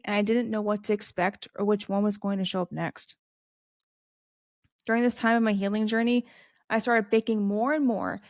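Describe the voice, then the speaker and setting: A woman's voice: mid-range voice, no room sound. Earnest woman podcast host, dry sound. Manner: earnest and heartfelt, with playful asides. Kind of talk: personal monologue.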